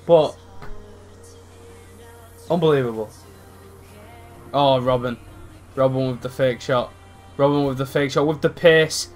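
A young man commentating his own football video game matches, excitable and rambling, swearing freely and shouting at big moments. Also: medium pitch, takes it slowly, pauses often, faint music behind. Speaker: gaming channel host. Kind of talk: live gameplay commentary.

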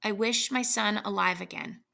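A woman's voice: medium pitch, fairly even intonation, moderate pace, creaky, sharp tone. A woman voicing a frightened old man in a storybook reading, speaking weakly and shakily. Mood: fearful. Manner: shaky, fearful.

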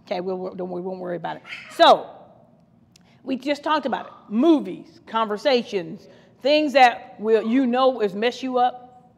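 A woman's voice: fairly high pitch, animated, moderate pace, gravelly. A woman co-pastor from Ohio preaching a fervent podcast sermon, repeating her phrases and laughing now and then. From Ohio, USA. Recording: long hall reverb.

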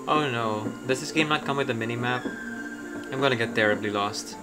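A man's voice: mid-range voice, brisk, loud music behind the voice. A man streaming a game in casual commentary, thinking aloud with many ums and uhs.

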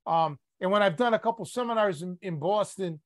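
A man's voice: high-pitched, a little fast. A man from the Chicago area hosting a podcast, asking playful, teasing questions in casual interview chat. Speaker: podcast host, catch wrestling coach.

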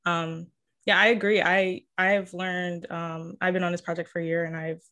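A woman's voice: on the low side, little pitch movement, normal speed, fairly bright tone. A woman moderating a webinar discussion who speaks politely and hesitantly, with frequent fillers.

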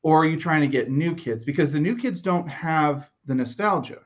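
An American man co-hosting a podcast, talking in a measured, wry way and steering the chat. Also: fairly high pitch, animated. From United States. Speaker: podcast co-host. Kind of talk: casual chat. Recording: slightly dull lo-fi sound.

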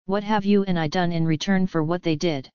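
A woman's voice: fairly low pitch, steady tone, fairly quick, a little mellow, smooth, no echo, muffled recording, natural voice. A woman reading the part of a brooding young male prince in an audiobook, in an impassioned, bitter manner.

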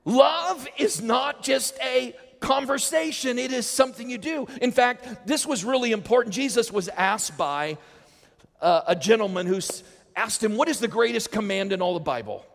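A man's voice: very high-pitched, animated, normal speed, gravelly. A male pastor preaching a sermon, calling the congregation to repeat lines after him. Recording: long hall reverb.

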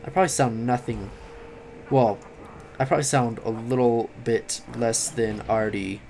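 A man's voice: mid-range voice, fairly even intonation, moderate pace, a little hiss or hum. Tired young man rambling over a game. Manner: rambling, sleepy, swears and yells at the game. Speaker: gaming commentator. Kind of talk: late-night let's play commentary.

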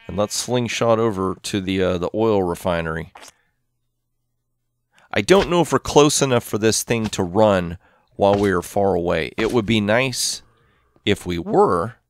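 This gameplay host speaks in a lowish, expressive voice at a measured pace. He plays a modded game at home with his cat nearby, chatting casually, thinking aloud, and counting items under his breath.

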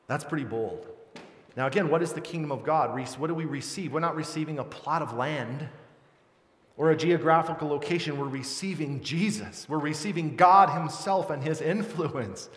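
Earnest pastor preaching in a reverberant hall. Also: male voice, on the high side, normal speed. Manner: earnest, conversational preaching with lively quoted voices. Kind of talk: sermon. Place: large church hall. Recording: roomy church hall with long reverb.

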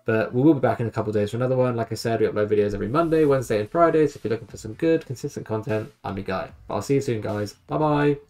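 A man's voice: medium pitch, rapid-fire, hardly any pauses, darkish tone. A young man commentating over a football management game, exasperated and grumbling at his team. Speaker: gaming YouTuber. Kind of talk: let's play commentary.

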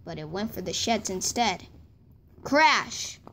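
A woman narrating an amateur toy-train story, halting and restarting her words. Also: medium pitch, expressive, fairly bright tone, slight background noise.

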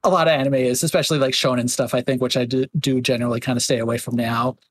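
A man's voice: medium pitch, little pitch movement, very fast, dry recording. A man hosting a casual podcast chat, talking loosely with lots of fillers and slipping into mocking voices. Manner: chatty, filler-heavy, slips into mocking voices. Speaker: podcast host.

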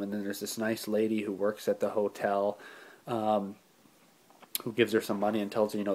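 A man's voice: fairly low pitch, a little mellow. A man casually recapping a film's plot as a reviewer, rambling with lots of fillers, restarts and the odd swear word. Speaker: movie reviewer.

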